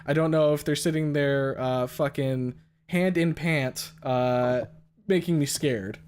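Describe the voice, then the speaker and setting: A man's voice: fairly high pitch, slow pace, a little mellow, slight background noise. A young man hosting a stream, chatting loosely and cursing often, with a lot of fillers. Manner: loose and profane, many fillers. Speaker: streamer host. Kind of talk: casual stream chat.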